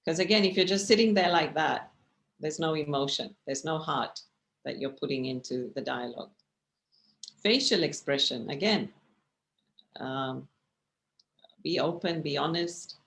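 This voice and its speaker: A woman meditation teacher talks through her slides in a relaxed, conversational way. Her voice carries a gravelly edge, and she keeps checking in with her listeners as she goes. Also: deep voice, a little slow, pauses often. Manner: conversational, often checks in with tag questions; expressive, gestures while speaking. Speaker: meditation teacher giving a talk. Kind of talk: casual teaching talk with slides.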